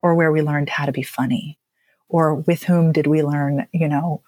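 A woman speaking as a speech and dialect coach, explaining with emphatic, lively phrasing and frequent "right?" checks. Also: sits low, moderate pace, no room sound, clean studio sound. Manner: animated, emphatic, lots of "right?". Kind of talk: podcast interview guest.

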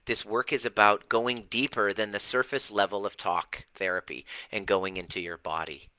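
A man's voice: lowish voice, steady tone, moderate pace, pushed and bright, clear, resonant tone, dry recording, poor audio. A man coaching an online group in a livestream talk, passionate and blunt, swearing for emphasis and openly dramatic. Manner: dramatic, fired up. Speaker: relationship and healing coach.

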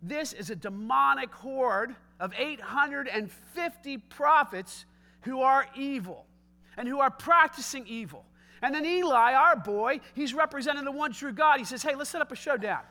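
A man preaching a sermon, retelling a scripture story with lively, casual asides. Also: very high voice, measured pace.

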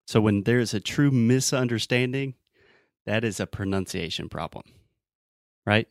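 Male English teacher, mild Southern twang, lowish voice, dry close sound, explains by acting out examples. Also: animated, normal speed, creaky, long pauses, no echo. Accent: mild Southern American. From Southern United States. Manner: explanatory, acts out example lines. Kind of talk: podcast conversation lesson.

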